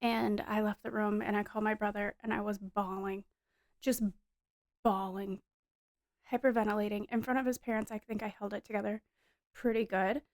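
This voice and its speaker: A woman's voice: mid-range voice, fairly even intonation, normal speed, dry recording, studio quality. A woman in her thirties giving an earnest, emotional personal testimony in a casual storytelling way, with frequent fillers. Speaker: wife sharing a testimony.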